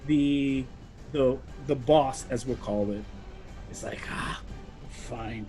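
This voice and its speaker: A man's voice: mid-range voice, slow, dark tone, faint music behind. A man narrating a tabletop game as game master, rambling along with lots of fillers.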